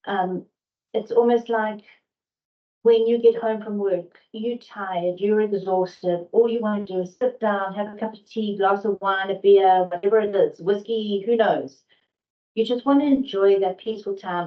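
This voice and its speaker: A woman's voice: medium pitch, fairly even intonation, a little slow. A middle-aged woman trainer speaks candidly to a sales audience in a mid-range voice. She keeps asking rhetorical questions. The recording sounds dull and lo-fi. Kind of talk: training session talk.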